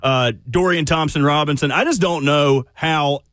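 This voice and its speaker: A man's voice: fairly high pitch, moderate pace, no echo, clean studio sound. A man co-hosting a sports radio show, telling stories with lots of laughs. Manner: animated storytelling, laughs often, drops into voices. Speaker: radio co-host. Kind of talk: casual sports radio banter. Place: radio studio.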